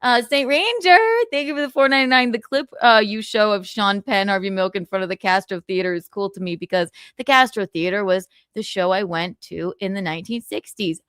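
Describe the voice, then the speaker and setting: A woman hosting a casual livestream, reading viewer comments out loud in a brash, profane, giggly way. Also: medium pitch, fairly quick, few pauses, clean tone, no room sound, studio quality. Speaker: livestream host.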